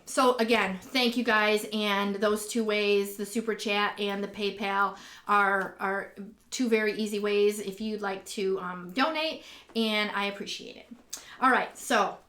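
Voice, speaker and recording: A woman's voice: medium pitch, a bit bright. A woman hosting a casual live stream, chatty and rambling with lots of ums and restarts, gushing when she greets viewers, talking from home. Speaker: live stream host and acrylic pour artist. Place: home, indoors.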